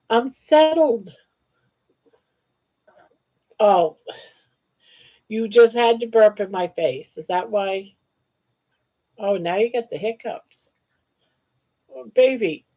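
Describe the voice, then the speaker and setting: An older woman chats in an unhurried, drawn-out way as she hosts a live crochet stream. She coos fondly at her pet between greetings to viewers. The audio is dull and muffled, like a lo-fi live stream. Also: a little high, animated. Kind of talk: casual live-stream chat.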